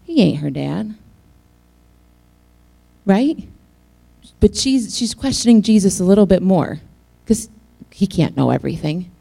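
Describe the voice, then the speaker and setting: A woman's voice: mid-range voice, animated, a little slow, creaky, pauses often, dark tone. A woman preacher giving a casual, joking sermon, acting out the scenes she tells. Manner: chatty, joking, acts out scenes.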